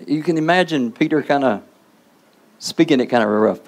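A man preaching a sermon in plain colloquial speech. He keeps asking the listener questions, often prodding with "huh?", and swings between hushed and loud passages. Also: fairly high pitch, fairly quick. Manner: rhetorical questions with repeated "huh?"; informal colloquial grammar.

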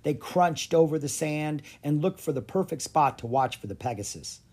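An audiobook narrator giving an expressive storybook reading. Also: mid-range voice, moderate pace, husky.

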